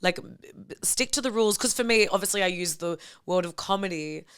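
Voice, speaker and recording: A woman's voice: medium pitch, a little fast, a bit bright, smooth. A young woman comedian, a guest on a podcast, chatting casually, calling her friend babe and swearing freely.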